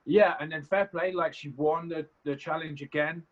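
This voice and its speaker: A man's voice: a little high, fairly even intonation, normal speed. A young man guesting on an interview, talking casually, rambling and candid with some swearing. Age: young adult. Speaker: reality competition contestant, guest. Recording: slightly muffled lo-fi audio.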